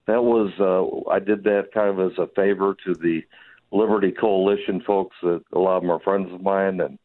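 A man calling in by phone, hoarse from losing his voice, speaking enthusiastically with many halting fillers. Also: low voice, fairly even intonation. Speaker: phone guest, venue operator. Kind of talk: phone interview. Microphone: telephone. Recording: tinny phone line.

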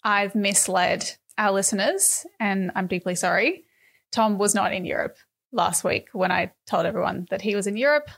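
A woman's voice: medium pitch, normal speed, gravelly, fairly bright tone. A woman hosting a casual comedy podcast, teasing and chatty. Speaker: podcast host.

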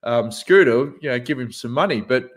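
A man co-hosting a relaxed podcast chat. He tells stories with animated energy and acts out the other people's voices in them. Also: medium pitch, normal speed. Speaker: podcast co-host. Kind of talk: casual storytelling chat.

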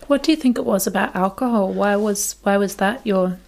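A woman hosting a podcast in a mid-range voice. She reads short scripted narration at a measured pace, then asks her guest relaxed questions with a light laugh. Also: medium pitch, gravelly, slight background noise. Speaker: podcast host and interviewer.

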